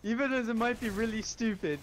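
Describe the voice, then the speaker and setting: A man's voice: extremely high pitch, fairly even intonation, brisk. Joking man over gunfire noise. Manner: joking, self-deprecating. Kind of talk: casual chat. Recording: noisy with game gunfire behind.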